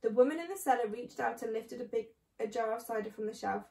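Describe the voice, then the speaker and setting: A woman reading a children's book aloud, clear and measured. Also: fairly high pitch, warm tone. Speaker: storyteller. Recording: echoey room.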